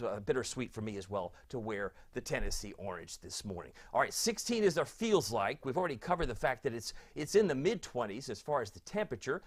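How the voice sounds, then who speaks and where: Animated, chatty middle-aged weatherman. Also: mid-range voice. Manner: chatty, sentimental, easily moved. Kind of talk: live weather chat reading viewer comments.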